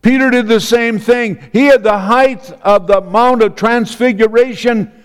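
A preacher delivers his sermon at an unhurried, deliberate pace, relying on repeated phrases and dramatic pauses with fairly even intonation. His high voice sounds smooth and resonant, carrying the long reverb of a hall.

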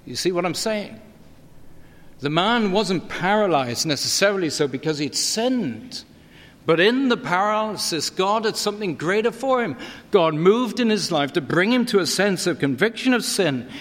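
A middle-aged man preaching a sermon, earnest and expository, his pitch climbing when he presses a point. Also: expressive, moderate pace, a bit bright. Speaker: pastor. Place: church. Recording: long church reverb.

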